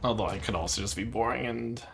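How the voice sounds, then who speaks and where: A man's voice: on the low side, quick pace, vocal fry, fairly bright tone, slight background noise. A man streaming a card game, thinking aloud as he weighs each play and second-guesses himself. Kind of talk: casual gameplay commentary.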